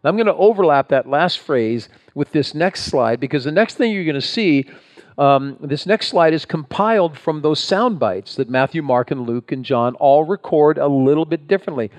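A male pastor preaching a sermon, reading Scripture aloud and acting out the voices in it with lively pauses and rephrasing. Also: on the high side. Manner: animated preaching, acts out quoted voices, pausing and rephrasing.

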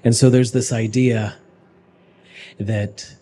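A young adult man preaching a sermon, conversational and animated, swinging between raised urgency and hushed asides. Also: mid-range voice, slow pace, a little hiss or hum. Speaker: pastor.

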